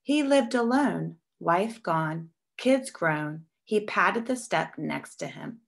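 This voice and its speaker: A woman reading a children's picture book aloud with expressive storytelling. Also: on the low side, slow, creaky. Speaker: storybook reader.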